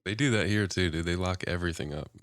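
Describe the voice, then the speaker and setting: Deep-voiced chill podcast dude, short easy replies. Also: male voice, fast, a bit bright. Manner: laid-back, laughs often, short replies. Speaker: podcast co-host. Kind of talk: casual chat.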